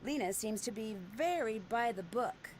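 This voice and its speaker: A woman's voice: on the high side, animated, moderate pace, darkish tone, lightly acted. A woman voicing a dry, curious young woman detective. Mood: probing. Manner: dry, probing questions. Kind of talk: video game voice acting. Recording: game audio with clear background noise.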